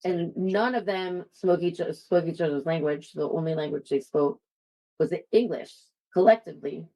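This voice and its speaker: A woman's voice: on the low side, normal speed, dark tone, rough recording. A woman from the United States, a podcast co-host telling a story in chatty casual talk with many fillers. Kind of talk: casual chat.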